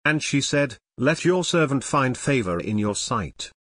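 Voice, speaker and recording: A man reading a scripture passage aloud in a measured, even way for a church service. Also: medium pitch, dry recording, clean studio sound. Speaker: scripture reader.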